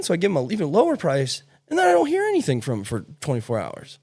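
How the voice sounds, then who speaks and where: Animated, blunt-talking man. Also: a little high, fast, vocal fry, husky. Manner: animated, blunt storytelling with swearing. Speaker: podcast host. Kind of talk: casual chat.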